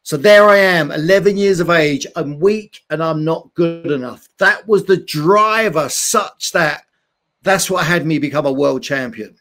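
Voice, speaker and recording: A man's voice: fairly high pitch, unhurried, a bit bright. A man, a former boxer, earnestly telling his life story in an interview. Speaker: guest, former boxing champion.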